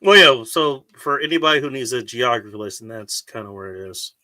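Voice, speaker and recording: A man's voice: mid-range voice, animated, brisk, sharp tone, slight background noise. A man hosting a casual podcast, cracking crude teasing jokes with his co-hosts. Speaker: podcast host. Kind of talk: casual banter.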